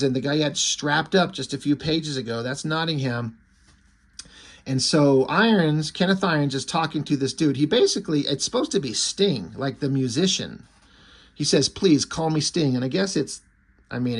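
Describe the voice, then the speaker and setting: A man casually recapping a comic book issue, rambling with fillers and swearing freely. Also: a little high. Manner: rambling and profane, lots of fillers.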